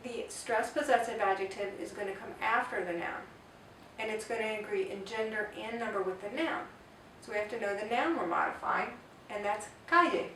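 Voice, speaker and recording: Working through a grammar lesson, this Spanish teacher patiently spells out each word form individually, her mid-range voice brisk and fairly bright. She sounds distant from the microphone in an echoey room, with a faint hiss in the background.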